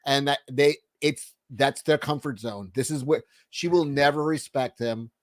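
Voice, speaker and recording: A man's voice: mid-range voice, measured pace, no room sound. A man hosting a casual livestream chat, swearing a lot and laughing as he talks. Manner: profane, animated, laughing often. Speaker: podcast host.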